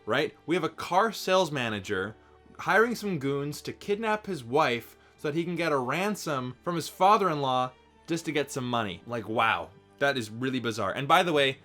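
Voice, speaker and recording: A man's voice: medium pitch, a bit bright. A Canadian man with a Canadian English accent giving a casual, candid movie review and swearing now and then.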